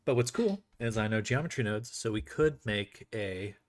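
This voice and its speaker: Lowish man thinking aloud in a tutorial. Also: lively intonation, normal speed. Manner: thinking aloud, self-correcting. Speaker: avatar creator. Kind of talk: casual screen tutorial.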